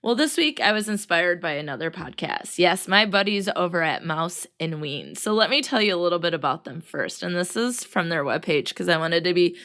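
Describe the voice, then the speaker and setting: A podcast host chats casually on her own solo show, sounding worn out and very tired yet laughing often. Her voice is on the low side and fairly bright, with lively intonation, normal speed, and hardly any pauses.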